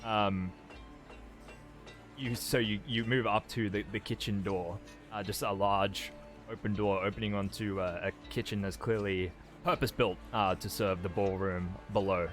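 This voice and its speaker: A man's voice: lowish voice, fairly even intonation, normal speed, faint music behind. A man narrating as game master of a tabletop game, describing scenes in a rambling way with many ums and restarts.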